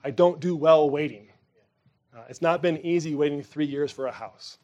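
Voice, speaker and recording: A man delivering a sermon in a loose, conversational way, with a voice sitting a little high for a man. He presses hard on some words, then lets his voice fall soft and low. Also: moderate pace. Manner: conversational preaching, swings between emphatic and quiet. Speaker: pastor.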